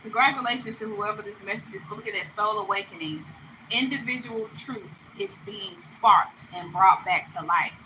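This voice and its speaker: A woman's voice: mid-range voice, normal speed, noisy background. A woman giving a spiritual tarot reading, talking emphatically to the listener, repeating phrases and laughing between them. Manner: addresses listener affectionately. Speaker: tarot card reader.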